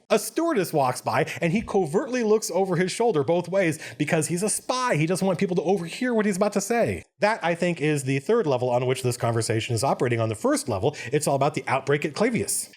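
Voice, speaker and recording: Brief: male host, fast, expressive delivery, slightly higher voice, casual film-commentary tone. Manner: animated, quick, conversational explaining. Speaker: video essay host.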